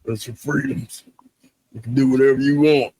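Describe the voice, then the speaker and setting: A man's voice: medium pitch, steady tone, mellow, slightly rough, no echo, low-quality recording. Giggly, wisecracking co-host man. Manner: giggly, quick jokey interjections. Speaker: podcast co-host. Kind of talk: casual comedy podcast banter.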